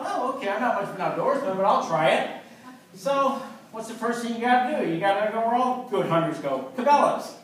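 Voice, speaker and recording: Man, 50s, stand-up comic, high voice, distant and echoey club sound. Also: a little hiss or hum. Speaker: stand-up comedian. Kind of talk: stand-up comedy set. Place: comedy club stage.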